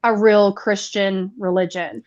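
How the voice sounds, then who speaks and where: A woman co-hosting a casual political chat podcast, jumping in eagerly with quick asides. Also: medium pitch, steady tone, dull audio, a loud crowd. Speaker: podcast co-host.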